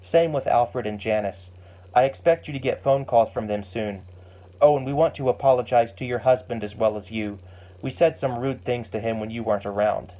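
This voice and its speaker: A man's voice: medium pitch, moderate pace, warm tone, lightly acted. A man reading an earnest young woman friend. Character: remorseful young woman, warm and eager friend.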